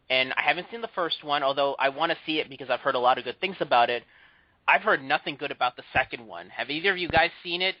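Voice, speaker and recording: A man's voice: on the high side, dry recording, dull audio. A young man co-hosting a casual movie podcast, chatty and opinionated. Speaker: podcast co-host. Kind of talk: casual chat.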